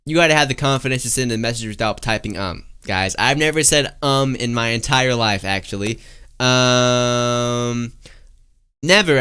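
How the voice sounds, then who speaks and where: A man's voice: medium pitch, bright, forceful tone, clear, resonant tone. A young man streaming live, chatting casually and reading out viewer messages, rambling with lots of fillers and calling everyone "guys" and "bro".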